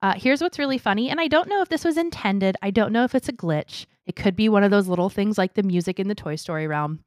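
A young adult woman co-hosting a casual podcast, chatty and animated, telling stories with quoted voices. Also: medium pitch, quick pace, no echo, studio quality. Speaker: podcast co-host. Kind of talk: casual chat.

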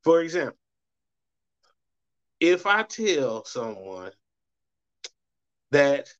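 A middle-aged male show host from the Southern United States, with a Southern accent, delivers a loose, rambling, chatty monologue, swinging his voice up for quoted reactions. He is very animated yet extremely slow, his voice a bit high, fairly bright, and smooth. The recording is dull, muffled lo-fi.

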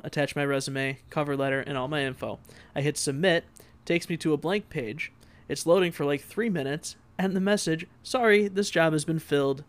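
A man's voice: on the high side, clean tone. A man co-hosting a comedy podcast, reading listener emails aloud and reacting dryly. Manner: dry reactions, steers the show back on track. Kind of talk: casual comedic chat.

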